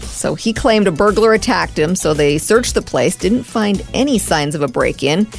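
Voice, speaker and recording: A woman's voice: medium pitch, animated, normal speed, gravelly, faint music behind. A woman co-hosting a casual talk show, reading out stories in a matter-of-fact way. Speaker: radio co-host. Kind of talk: casual chat.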